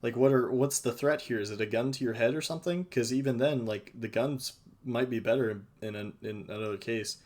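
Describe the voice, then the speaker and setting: A man's voice: mid-range voice, fairly quick, hardly any pauses, a little mellow. A young man hosting a casual podcast chat, hesitant and full of fillers, often restarting his sentences. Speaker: podcast host.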